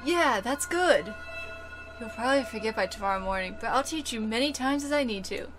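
A woman voicing a possessive, obsessive young man in a video game, speaking softly and bitterly. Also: fairly high pitch, expressive, a little fast, over music, natural voice. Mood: tender. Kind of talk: reading game dialogue aloud.

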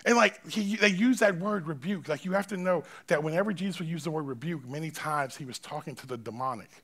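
A man preaching in a bright, high voice. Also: quick pace. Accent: Southern American. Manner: swings between loud preaching and low, close talk; casual, slangy phrasing. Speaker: pastor. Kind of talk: sermon. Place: church.

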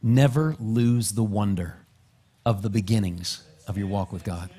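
A male pastor preaching a sermon, dropping to soft, low asides and then climbing into loud, rising exhortation. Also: unhurried. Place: church sanctuary.

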